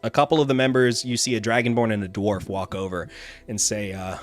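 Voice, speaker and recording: A man runs a tabletop campaign as game master, narrating with a low voice. He rambles, filling gaps with pauses and restarts. Faint music plays behind him. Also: level tone. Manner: rambling narration with many fillers.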